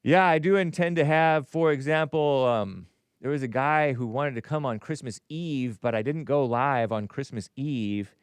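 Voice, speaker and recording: A man's voice: medium pitch, normal speed, smooth, no echo. A man hosting a live call-in show in a rambling, jokey way, laughing at his own asides. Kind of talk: casual live-stream chat, reading viewer messages.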